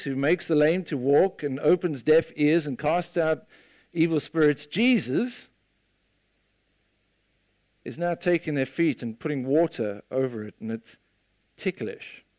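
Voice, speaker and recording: Guy preaching a sermon, kinda high voice, acts out the characters as he goes. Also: takes it slowly, long pauses, no room sound. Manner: animated storytelling, acts out the disciples' voices.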